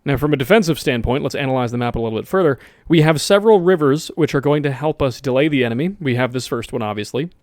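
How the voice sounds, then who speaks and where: A man's voice: mid-range voice, fast, hardly any pauses, darkish tone, dry recording, studio quality. A man giving casual, rambling commentary over a strategy game, correcting himself often and dropping jokey asides. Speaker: gaming video host.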